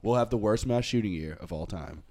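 A man's voice: lowish voice, a little fast, mellow. A young man co-hosting a comedy podcast, throwing in sarcastic quips. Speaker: podcast co-host. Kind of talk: casual comedy chat.

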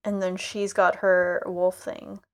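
A woman's voice: lowish voice, little pitch movement, slow. A woman co-hosting a podcast, recapping in a chatty way, quoting characters aloud and dropping "like" as filler. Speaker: podcast co-host. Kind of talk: casual podcast chat.

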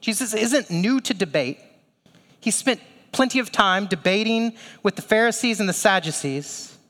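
A man's voice: sits high, animated, moderate pace, bright, forceful tone, in a large hall. A male pastor preaching a sermon in a conversational way, with rhetorical asides and questions.

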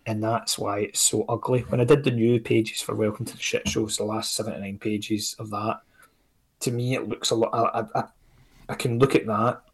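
A man's voice: fairly low pitch, slightly rough. A Scottish man, a comics creator, chatting on a podcast in a rambling, self-critical way with lots of fillers and casual swearing.

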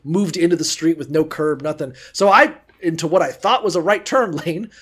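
A man's voice: on the high side, normal speed, fairly bright tone, breathy edge. A young man co-hosting a podcast, telling crude, funny stories in casual chat and laughing often. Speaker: podcast co-host.

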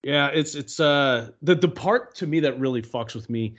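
A man's voice: fairly high pitch, normal speed, fairly bright tone. A man co-hosting a podcast, laid-back, laughing along and swearing casually as he talks about a film. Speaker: podcast co-host. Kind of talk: casual film-review chat.

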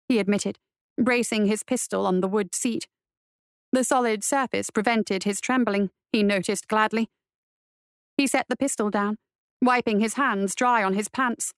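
A woman narrating a western adventure story in a steady storytelling voice. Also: mid-range voice, measured pace, clean tone, dry recording, clean studio sound. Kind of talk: audiobook narration.

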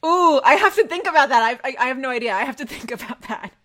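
A woman co-hosting a casual fan chat, gushing and animated, swearing casually. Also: high voice, fast talker. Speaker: podcast co-host.

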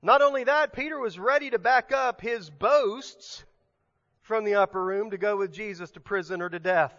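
A man's voice: high voice, moderate pace, fairly bright tone, big-room sound, highs cut off. A male pastor preaching a sermon in a conversational, emphatic way, often restarting his sentences.

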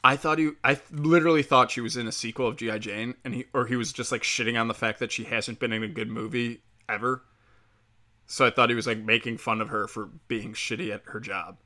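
A man's voice: mid-range voice, fairly even intonation, fairly quick, bright, forceful tone. A man delivering a heated, profane opinion rant, rambling with fillers as he talks.

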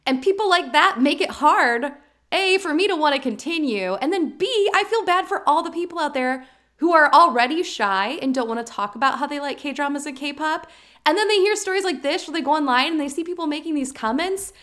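Woman, high voice, podcast co-host, earnest, fast when excited, casual chat.

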